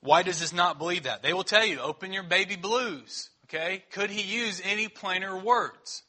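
Husky, bright-toned preaching man. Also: high voice, moderate pace. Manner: conversational teaching, checking in with the congregation. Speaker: pastor. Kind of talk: sermon.

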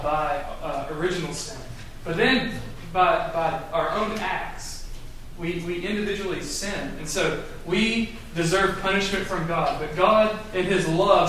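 A man's voice: high voice, a bit bright, slight background noise. A man leading a Bible study class, talking loosely with many fillers and restarts as he explains to a group. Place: echoey room with a group. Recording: very echoey room, mic far off.

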